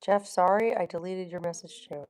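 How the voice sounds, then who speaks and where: A woman's voice: fairly low pitch, steady tone, moderate pace, a little mellow. A middle-aged woman chatting casually on her livestream, reading viewer comments, laughing often and swearing bluntly. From Florida. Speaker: livestream host.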